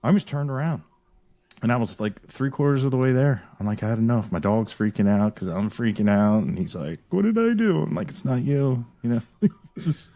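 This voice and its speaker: A man hosting a casual podcast chat, telling stories in an animated, rambling way with frequent restarts. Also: on the low side, fairly quick. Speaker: podcast host.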